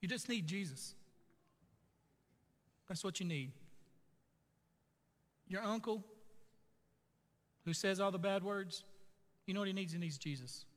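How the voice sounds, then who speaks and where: A man's voice: sits high, a little slow, long pauses, in a large hall. A man preaching a sermon in a casual, joking way, often putting questions to the listeners. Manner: conversational, jokey, asks the audience questions. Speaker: pastor.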